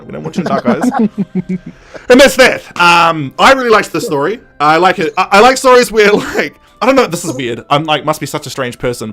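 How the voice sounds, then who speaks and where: A man co-hosting a podcast, casually recapping an episode and acting out the characters in quick asides. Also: a little high, a bit bright. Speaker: podcast co-host.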